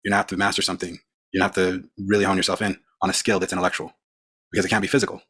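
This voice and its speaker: A man's voice: deep voice, little pitch movement, racing, a bit bright, husky. A man in a played clip explaining things in a blunt, matter-of-fact monologue.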